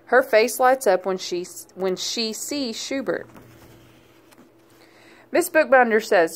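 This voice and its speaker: A woman's voice: fairly high pitch, takes it slowly, long pauses. Woman reading a children's story aloud. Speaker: storybook reader. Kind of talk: children's read-aloud narration.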